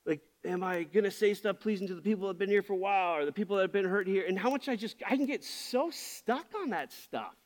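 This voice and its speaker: A man's voice: sits high, quick pace, few pauses. A man preaching a sermon as pastor, speaking with passion and candor. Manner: passionate, candid.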